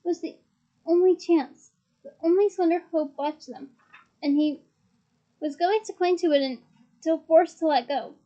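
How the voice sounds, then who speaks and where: High-voiced woman reading a story aloud. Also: normal speed, pauses often, mellow, highs cut off. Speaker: reader.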